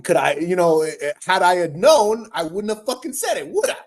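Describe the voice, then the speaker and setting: A man's voice: sits high, sing-song, a little fast. A man hosting a livestream, ranting in a profane, exasperated way with frequent stammers. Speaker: livestream host. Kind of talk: casual livestream rant.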